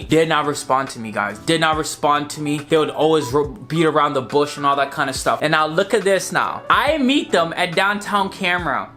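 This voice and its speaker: Young man, casual storytime vlog, high-pitched voice, animated and swearing, faint music behind. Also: normal speed, few pauses. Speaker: photographer and vlogger.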